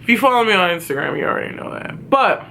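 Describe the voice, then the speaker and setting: Woman vlogger, bright sharp voice, cussing her way through a storytime. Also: mid-range voice, quick pace, slight background noise. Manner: profane, animated storytelling. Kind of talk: casual storytime vlog.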